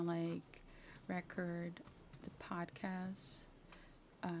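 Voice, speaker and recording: Woman, tutorial host, gravelly voice, chatty, faint hiss behind. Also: on the low side. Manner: chatty, self-mocking, talks to herself while clicking. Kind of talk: casual screen-share tutorial.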